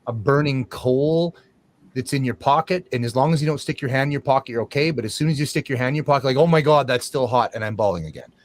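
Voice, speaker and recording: A man hosting a talk, sharing a long personal story in a reflective, rambling way. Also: medium pitch. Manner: reflective, rambling, with restarts and fillers. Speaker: host. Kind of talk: conversational talk show discussion.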